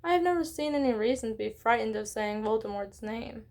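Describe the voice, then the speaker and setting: Mild, kindly old wizard, speaks softly, fairly high voice, read by a woman. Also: expressive, brisk, vocal fry. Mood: gentle. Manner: gentle and mild. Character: gentle elderly male wizard headmaster.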